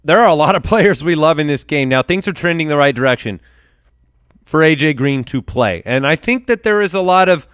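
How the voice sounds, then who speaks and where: Smooth-voiced upbeat male podcast host. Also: a little high, lively intonation, a bit bright, dry recording, studio quality. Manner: upbeat, quick, lists items in bursts. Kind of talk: casual podcast chat and sponsor reads.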